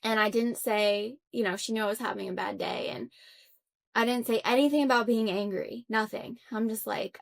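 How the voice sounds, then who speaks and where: A woman's voice: on the high side, fairly even intonation, normal speed, vocal fry. A young adult woman, a podcast guest, earnestly telling a personal story in conversation, reflective and full of fillers and restarts. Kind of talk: conversational interview.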